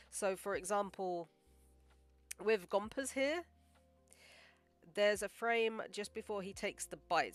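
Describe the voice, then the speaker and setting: A woman animator chatting casually on a livestream while she draws, rambling with lots of "like" and "um" and sounding modest and encouraging. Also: medium pitch. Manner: rambling, full of "like" and "um". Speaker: animator live-streaming her work.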